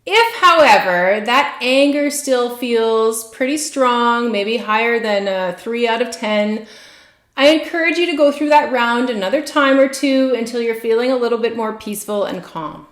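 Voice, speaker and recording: Gentle high-voiced woman guiding tapping. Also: moderate pace, reverberant. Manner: gentle, soothing, encouraging. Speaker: tapping practitioner. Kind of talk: guided tapping instruction.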